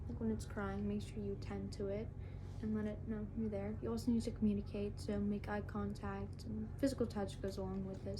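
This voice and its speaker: A young adult woman giving a class presentation, reading from her notes in a casual, plain way. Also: mid-range voice. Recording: clear background noise.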